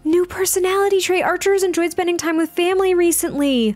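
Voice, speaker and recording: A young woman giving bubbly, excitable and rambling commentary while she plays a life-sim game. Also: extremely high pitch, fast, hardly any pauses, faint music behind. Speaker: let's play host.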